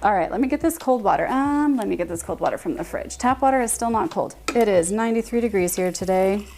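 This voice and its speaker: A woman's voice: mid-range voice, fast, warm tone, a little hiss or hum. A woman in her thirties chatting casually with her live-stream viewers while baking in her home kitchen, answering chat and laughing often. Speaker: livestream baking host.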